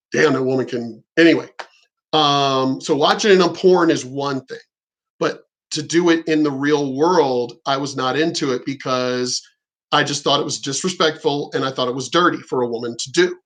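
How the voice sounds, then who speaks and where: A man's voice: medium pitch, fairly bright tone. A middle-aged man vlogging, telling a frank, profane and rambling story about his sex life. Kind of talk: candid storytelling monologue.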